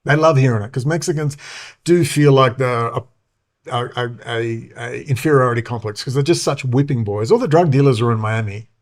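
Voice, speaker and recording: A middle-aged man delivering a loose, rambling monologue as a show host. His voice sits in an ordinary middle pitch. He talks heatedly, swears often and fills gaps with ums and uhs. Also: a little fast. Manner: profane, heated, many fillers.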